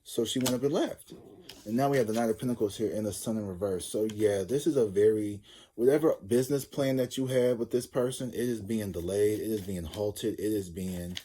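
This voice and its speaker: A man's voice: lowish voice, fairly quick, dark tone, husky. A man giving a casual tarot reading, rambling and cursing as he jokes through a story. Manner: rambling, profane, joking storyteller. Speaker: tarot reader.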